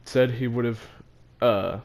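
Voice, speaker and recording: A man's voice: medium pitch, fairly even intonation, slow pace, gravelly, darkish tone. A teenage boy casually telling a story from his own life, laughing between phrases and stumbling over his words. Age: teens. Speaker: vlogger.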